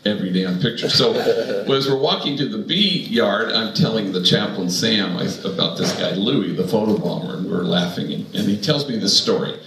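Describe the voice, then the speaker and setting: A priest with a fairly low voice tells stories from the pulpit, wry at first and then earnest. His voice rings in a roomy hall, with a faint hum of the room behind him. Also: moderate pace, few pauses. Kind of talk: storytelling sermon to an audience.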